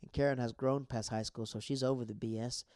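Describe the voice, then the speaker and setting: Excitable man recapping a TV episode. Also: medium pitch, brisk, dry recording, studio quality. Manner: excitable, retells scenes with quoted lines and vocal sound effects. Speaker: TV recap show host.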